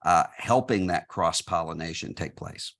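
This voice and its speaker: Deep-voiced man answering thoughtfully. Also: fairly bright tone. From United States. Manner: measured, thoughtful, frequent fillers and restarts. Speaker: guest. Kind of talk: conversational interview answers.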